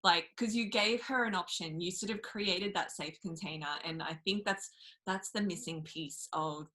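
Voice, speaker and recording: A woman's voice: on the low side, normal speed, sharp tone. A woman hosting an interview, reflecting on what her guest says in an affirming way, with many casual fillers. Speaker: host. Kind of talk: conversational interview.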